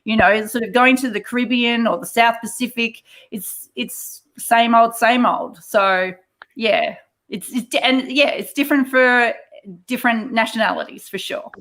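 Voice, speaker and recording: A woman guest talks casually on a podcast, her voice sitting a little high. She speaks conversationally, offering advice with a few hesitant restarts. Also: normal speed, fairly bright tone. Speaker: podcast guest, casino worker. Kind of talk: casual chat.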